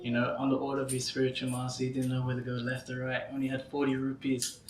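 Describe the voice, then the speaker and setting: A man giving a devotional lecture as a lively storyteller who laughs often and says "you know" a lot, heard in a roomy hall through a distant mic. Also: medium pitch, fast, noisy background. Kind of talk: anecdotal religious lecture.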